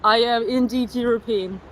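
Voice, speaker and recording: Bright high-voiced German woman streaming outdoors. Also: low-quality recording. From Berlin, Germany. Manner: chatty, greets viewers, many "like" fillers. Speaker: livestreamer. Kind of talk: casual live-stream chat while walking. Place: outdoors on city streets. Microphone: phone on a selfie stick. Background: faint street and traffic noise.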